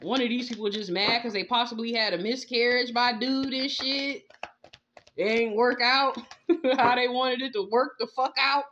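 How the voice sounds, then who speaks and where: A woman's voice: on the high side, steady tone, normal speed, fairly bright tone, slight background noise. A woman giving a blunt, profane tarot reading, scolding and laughing as she talks. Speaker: tarot reader. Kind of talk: casual spoken tarot reading. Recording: slightly dull lo-fi sound.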